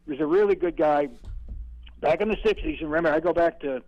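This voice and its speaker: A man's voice: on the high side, fast, no room sound. An older man calling in to a sports show, speaking friendly and looking back on old memories. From Virginia. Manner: reminiscing, friendly. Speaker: caller. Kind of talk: phone-in chat. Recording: muffled phone line.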